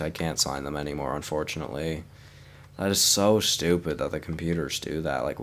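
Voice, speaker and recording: A man's voice: a bass voice, creaky, a bit bright. A young man casually commenting on his hockey video game franchise, tired and yawning, chatting to his viewers. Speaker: gaming YouTuber.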